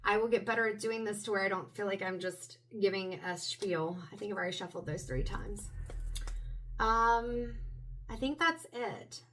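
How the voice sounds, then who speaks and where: A woman tarot reader, her voice still hoarse from being sick, chatting casually with many ums as she introduces a reading. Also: mid-range voice, moderate pace, fairly bright tone, far from the mic, slight background noise. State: recovering voice, slightly hoarse.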